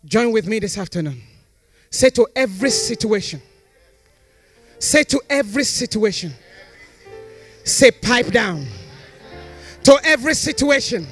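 Preacher, male, very high and ringing voice, slow deliberate delivery, leads call-and-response prayer over faint music. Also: expressive, fairly bright tone. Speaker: pastor. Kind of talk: sermon with fervent prayer.

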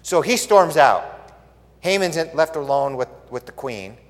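A man preaches a story with a lively, wide-ranging voice, slightly high for a man. He talks casually and keeps putting questions to his listeners. His voice carries a long reverb from a large hall. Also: unhurried. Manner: animated, conversational, asks the audience questions. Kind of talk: sermon storytelling. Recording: echoey hall.

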